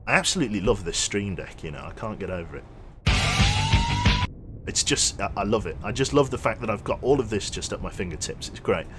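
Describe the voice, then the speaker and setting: A young man casually commentating his gameplay on a livestream, chatty and quick to launch into an animated story. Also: fairly low pitch, music in the background. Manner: chatty, animated storyteller who thanks subscribers. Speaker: streamer.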